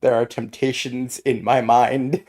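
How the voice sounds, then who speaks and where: A woman playing a tabletop game, giggly and quick to laugh while chatting. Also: very deep voice, mellow. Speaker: player. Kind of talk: casual tabletop play.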